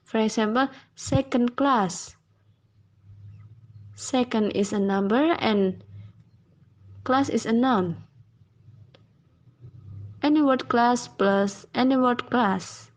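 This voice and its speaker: A woman's voice: a little high, slow, pauses often. A young woman student giving a class presentation, reading her points and examples carefully one by one.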